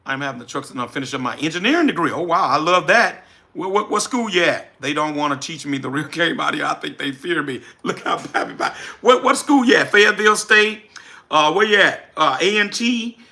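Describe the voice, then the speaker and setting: A man with a Southern Louisiana drawl chats live with his viewers. His voice sits high and rings very bright. He talks with energy and repeats his points like a preacher. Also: fairly quick, creaky. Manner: energetic, reads chat names aloud, preacherly repetition. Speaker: livestream host, business coach. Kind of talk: casual livestream chat.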